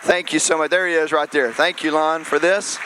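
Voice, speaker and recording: A slightly hoarse male pastor giving an earnest, conversational closing speech at an event. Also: a little high, steady tone, a little fast, heavy background noise.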